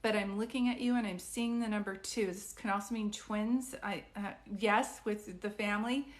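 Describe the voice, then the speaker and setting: A woman doing psychic readings on a live stream, chatting with viewers in an excitable, rambling way. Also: mid-range voice, moderate pace. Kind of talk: casual live-stream chat.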